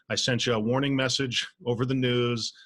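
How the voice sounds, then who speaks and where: A man's voice: mid-range voice, fairly even intonation, normal speed, fairly bright tone, dry recording, voice pushed up, lightly acted. A man voicing a patient, exasperated God.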